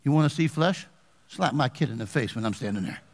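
Reading from scripture and quizzing the congregation in call-and-response fashion, a male pastor preaches an animated sermon. His medium-pitched voice moves fairly quickly through the large church sanctuary hall.

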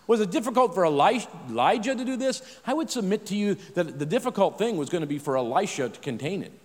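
Middle aged guy preaching, kinda high voice, stumbles and restarts a lot, long echo. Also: expressive, fast talker. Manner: conversational, self-deprecating asides with many restarts. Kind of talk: sermon.

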